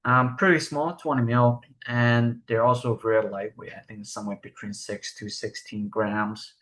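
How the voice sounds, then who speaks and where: A man's voice: mid-range voice, fairly even intonation, normal speed, fairly bright tone. A young man giving a recorded research presentation, explaining step by step and asking rhetorical questions.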